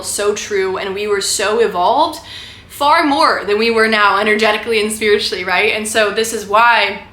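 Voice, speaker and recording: A woman's voice: medium pitch, sharp tone. A young adult woman vlogging, talking fervently and rambling, full of "like" and "right?". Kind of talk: impassioned spiritual monologue to camera. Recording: echoey room with faint background noise.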